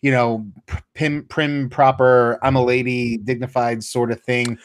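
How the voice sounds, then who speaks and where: A man's voice: medium pitch, flat delivery, unhurried, smooth. A man co-hosting a podcast in casual chat, laid-back and profane, who often stammers through restarts. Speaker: podcast co-host.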